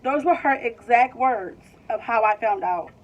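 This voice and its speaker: A woman's voice: fairly high pitch, unhurried. A woman in her twenties casually telling a personal story, full of "like" and rambling restarts. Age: 20s. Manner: chatty, fills with "like", rambling restarts. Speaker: vlogger. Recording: slightly distant, dull lo-fi sound.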